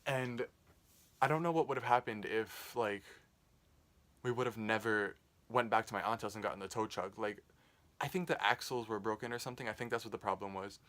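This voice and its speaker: A man's voice: lowish voice, fairly quick, a bit bright. Rambling, foul-mouthed young man telling a story. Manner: rambling, profane, lots of "like". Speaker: vlogger. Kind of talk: casual storytime vlog.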